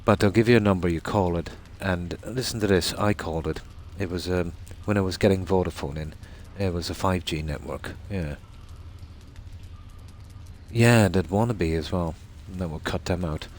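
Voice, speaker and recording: Low-voiced man, rambling. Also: moderate pace, slight background noise. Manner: rambling, chatty storyteller. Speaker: streamer. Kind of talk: casual chat while gaming.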